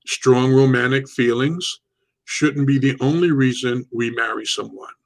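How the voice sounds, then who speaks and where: Man, talk show host, gravelly voice, relaxed rambling delivery, casual chat. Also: medium pitch, unhurried. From United States. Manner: relaxed, rambling, with fillers and repeats.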